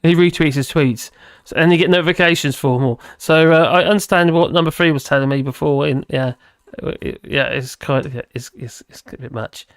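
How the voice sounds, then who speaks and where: A man's voice: a little high, a little fast, hardly any pauses, clean tone, dry recording, clean studio sound. A man hosting a casual livestream, rambling and humming to himself while he looks for things. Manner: rambling, hums while searching. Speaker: livestream host.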